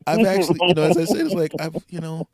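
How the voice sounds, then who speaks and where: A man's voice: on the high side, quick pace, over a noisy crowd. A man hosting a podcast, chatting casually and joking with his guest. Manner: joking, laughs often. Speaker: podcast host. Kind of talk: casual interview chat.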